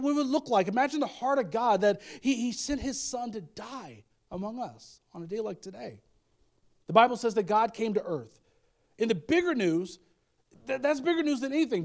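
A man with a high, light voice delivers a sermon. He talks in a loose, conversational way, repeating phrases and tossing in asides to the congregation. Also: darkish tone. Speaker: pastor.

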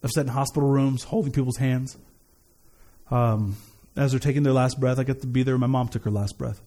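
A man's voice: medium pitch, steady tone, a little fast, mellow. A man giving a conversational sermon as a pastor, earnest, repeating key phrases and often restarting his sentences. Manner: frequent stammered restarts.

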